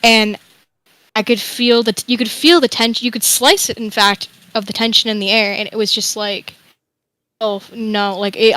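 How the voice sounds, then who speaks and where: A woman's voice: mid-range voice, fairly bright tone, clean tone, no echo, poor audio. A young woman guest telling a candid, rambling personal story, sometimes swearing. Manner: rambling, emotional, swears freely. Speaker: interview guest.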